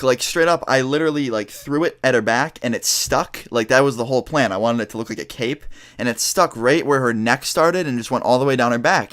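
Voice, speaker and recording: A man telling a childhood story in a vlog, talking fast, animated and full of swearing. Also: mid-range voice. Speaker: vlogger.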